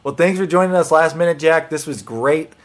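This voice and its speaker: A man's voice: fairly high pitch, a little fast. A man hosting a live online homesteading show, talking casually and earnestly to viewers with encouraging, rambling speech and restarts.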